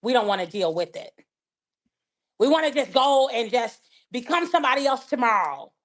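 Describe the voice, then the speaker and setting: This woman speaks at a fairly high pitch and a normal speed. She's a life coach appearing as a podcast guest, telling faith-filled stories in a conversational way. She's animated and acts out the dialogue of the people in her stories.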